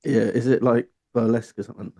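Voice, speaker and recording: A man's voice: mid-range voice, steady tone, fast talker, creaky, dark tone, slightly rough, dry recording. A man on a casual late-night radio chat show in a studio, curious and egging the others on.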